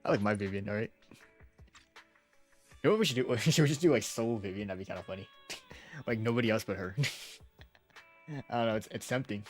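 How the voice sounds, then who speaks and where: A man streams a story game, reading the narration aloud and chatting casually between lines. He is quick to laugh, and faint music plays behind him. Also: on the low side. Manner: chatty, giggly. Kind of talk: casual let's-play commentary and reading narration.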